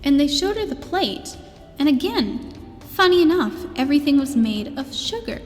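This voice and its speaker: A woman voicing a gentle space princess who tells a bedtime story in a meandering way, with fillers and restarts. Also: high-pitched, sing-song, normal speed. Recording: long reverb with faint music.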